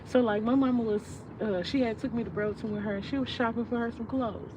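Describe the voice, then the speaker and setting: A woman's voice: on the high side, steady tone, quick pace. A young woman vlogging casually, venting in a rambling, profane, heartfelt way about her feelings. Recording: distant, muffled mic with street noise.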